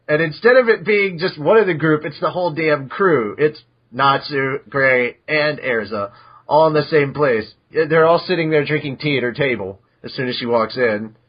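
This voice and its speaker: A man hosting a podcast, casually recapping episodes in an animated way, now and then jumping into high squeaky voices for characters. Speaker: podcast host. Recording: dull lo-fi podcast audio.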